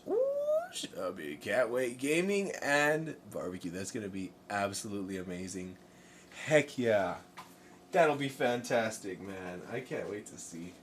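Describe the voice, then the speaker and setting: A man's voice: fairly low pitch, lively intonation, a little slow, far from the mic. A man chatting casually on a live stream while he paints, rambling, joking and talking both to his chat and to himself. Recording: voice from off the mic, faint room noise.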